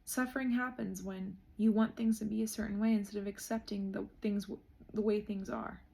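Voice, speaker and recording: Young woman vlogger, mid pitch, gravelly fry, earnest and emotional. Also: fairly even intonation, fairly quick, dark tone. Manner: emotional, heartfelt, says "like" a lot. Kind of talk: reflective casual chat.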